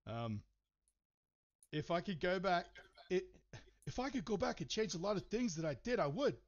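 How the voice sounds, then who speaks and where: A man's voice: high voice, very animated, normal speed. A man hosting a podcast, telling a story in casual chat, swearing and rambling with lots of fillers. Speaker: podcast host. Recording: slightly dull, muffled sound.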